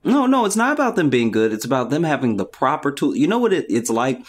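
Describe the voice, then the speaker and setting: A man's voice: mid-range voice, sing-song, fast. A man co-hosting a podcast, joking and chatting in a laid-back way. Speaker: podcast co-host. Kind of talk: casual podcast chat.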